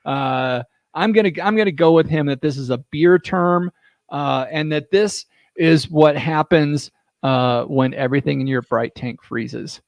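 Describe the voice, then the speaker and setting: A man's voice: on the high side, measured pace, gravelly, no room sound. A man hosting a casual podcast chat, reading out guesses with lots of fillers. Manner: reads out guesses with many fillers.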